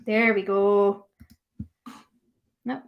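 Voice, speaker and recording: A young woman teaches a live online dog grooming class, chatting, quizzing her audience, and reading their chat replies aloud. Her mid-range voice is steady, very slow, and has vocal fry; the highs are cut off and there's background noise.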